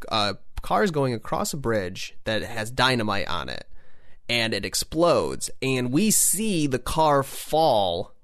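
A man's voice: mid-range voice, dry recording. Chatty podcast guy, voice jumps all over, super dry close mic. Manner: animated, chatty, lots of restarts and playful voices. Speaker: podcast host. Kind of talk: casual chat.

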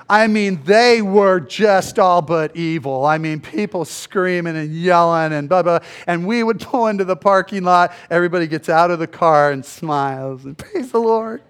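High-voiced male pastor preaching casually. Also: fairly bright tone. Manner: conversational, acts out biblical dialogue in voices. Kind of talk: sermon.

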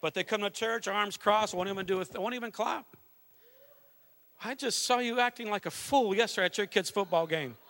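A middle-aged pastor preaching a fervent sermon, mixing calls to worship with a conversational family story. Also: male voice, sits high, a little fast, fairly bright tone. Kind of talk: Pentecostal sermon.

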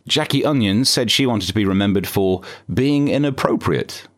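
A British man hosting a comedy podcast, with dry, sarcastic asides in a deadpan monologue. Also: fairly low pitch, normal speed. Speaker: podcast host.

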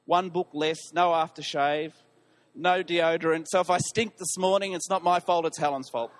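A man preaching as a pastor, telling a personal story in an animated, self-deprecating way. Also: a little high, moderate pace.

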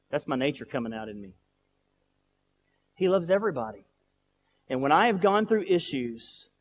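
A male pastor preaching a sermon, telling stories and building from quiet, slow lines to loud, emphatic ones. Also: mid-range voice, long reverb tail, dull audio, a little hiss or hum. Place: church sanctuary.

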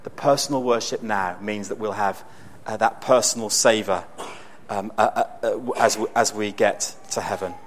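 A man preaching a sermon in a conversational, storytelling way with bursts of excitement. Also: lowish voice, normal speed, a little hiss or hum.

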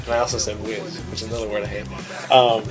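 A man co-hosting a podcast, telling a story in casual chat with an animated, self-deprecating manner. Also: fairly low pitch, fast talker, music in the background. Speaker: podcast co-host.

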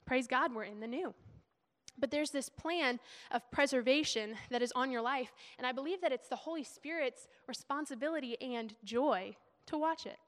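A woman's voice: high voice, normal speed. A young woman giving a sermon in a chatty, emotional way. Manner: emotional, chatty, laughing preacher. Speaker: preacher. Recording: long hall reverb.

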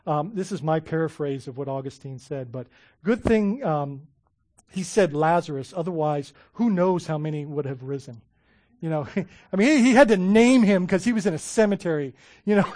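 Animated man preaching a sermon. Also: sits high, fairly quick, dry recording, clean studio sound. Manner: animated, repeats and restarts words, laughs often. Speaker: pastor.

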